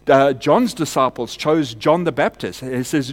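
A man preaching a sermon in a church, climbing to loud emphatic peaks and then dropping to quiet, close appeals. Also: medium pitch, a little slow.

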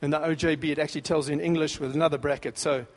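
A man preaching a sermon with fervent, emphatic bursts, then dropping into quieter scripture reading. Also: a little high, steady tone, very fast. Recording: long reverb of a large hall.

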